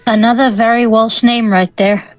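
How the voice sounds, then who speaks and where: A woman's voice: a little high, steady tone, moderate pace, no room sound, highs cut off, faint music behind. A woman chatting casually and making dry, teasing remarks. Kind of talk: casual chat.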